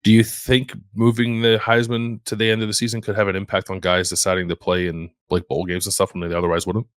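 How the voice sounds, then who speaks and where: A man with a very low voice chimes in agreeably, thinking aloud as he goes in casual sports talk. His words come dry and close to the mic. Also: little pitch movement, fast talker, clean tone, no room sound. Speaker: podcast co-host.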